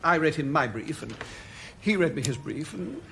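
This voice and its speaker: An actor playing an indecisive, flustered prime minister, in a British TV sitcom. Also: male voice, on the high side, sing-song, moderate pace, vocal fry, heavily acted. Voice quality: flustered and hesitant. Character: bumbling, indecisive middle-aged male prime minister. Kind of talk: 1980s British TV sitcom acting. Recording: old TV audio with loud background noise.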